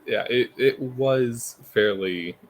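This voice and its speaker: A man co-hosting a podcast, talking through a reality show's strategy in a measured, casual way full of "like". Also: mid-range voice, rough recording. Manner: measured, filler-heavy analysis with many "like"s. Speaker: podcast co-host. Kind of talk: casual recap chat.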